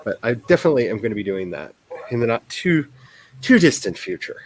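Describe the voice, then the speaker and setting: A man's voice: mid-range voice, sing-song, fairly quick, low-quality recording. A man hosting a casual writing sprint livestream, rambling and self-deprecating and laughing often.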